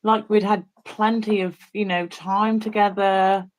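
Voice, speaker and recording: A woman hosting a relaxed painting stream, who teases her friend and rambles in a playful way. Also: medium pitch, a little slow. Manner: teasing, playful, rambling with restarts. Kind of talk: casual chat while painting on a stream.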